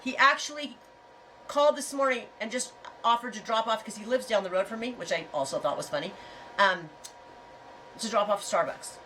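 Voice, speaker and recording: A woman's voice: on the high side, normal speed, sharp tone, far from the mic, slight background noise, low-quality recording. A middle-aged woman hosting a casual livestream chat, talking in a frank, rambling way and telling stories with animation. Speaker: host.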